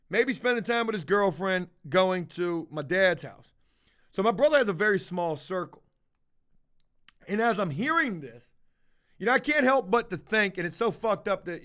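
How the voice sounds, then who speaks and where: A man with a high voice talks straight to his viewers in a loose, rambling vlog monologue. He swears freely, leans on fillers and acts out both sides of conversations as he tells a personal story. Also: fairly bright tone. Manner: profane, conversational, retells dialogue with many fillers. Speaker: vlogger telling a personal story.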